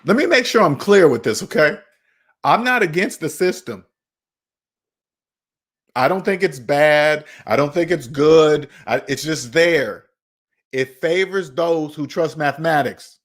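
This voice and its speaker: A man's voice: a little high, animated, measured pace, fairly bright tone. A man hosting a personal finance channel, talking in an emphatic, preachy way, repeating his points and scolding viewers. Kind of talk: emphatic monologue.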